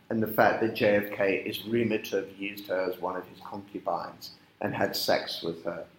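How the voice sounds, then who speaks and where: Male teacher in echoey classroom. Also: on the low side. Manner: frequent tag questions, emphatic quoting. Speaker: English literature teacher. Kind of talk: classroom poetry lesson.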